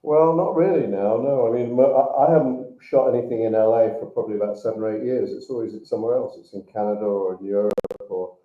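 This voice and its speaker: A man's voice: mid-range voice, reverberant. Older man on a tinny phone line. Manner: easygoing, halting with fillers. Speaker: actor guest. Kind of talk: casual interview chat.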